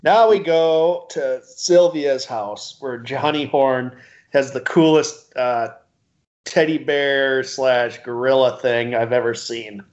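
A man's voice: mid-range voice, slow pace. A man co-hosting a casual podcast chat, hesitant with many fillers and chuckles. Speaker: podcast co-host. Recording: dull lo-fi podcast audio.

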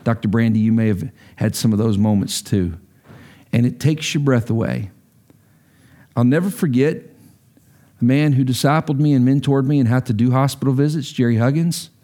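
A man's voice: mid-range voice, normal speed, dark tone. A middle-aged man preaching a sermon as a pastor, earnest and emphatic, his delivery rising sharply when stirred.

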